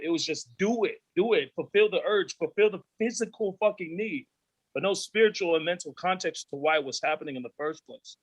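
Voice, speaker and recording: A man in his thirties, a podcast guest, telling candid stories in a profane, animated way and acting out the voices of his friends. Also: on the high side, no room sound, rough recording. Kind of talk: candid storytelling.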